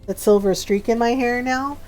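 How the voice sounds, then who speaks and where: While gaming on stream, a woman in her forties keeps up casual chatter full of laughs, "like," and "um." Her voice is a little high with a darkish tone, her pace moderate, and faint music plays behind her.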